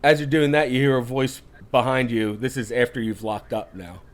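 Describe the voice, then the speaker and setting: A man's voice: mid-range voice, steady tone. A man running a tabletop horror game as game master, narrating casually with lots of fillers. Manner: casual, halting, with many fillers.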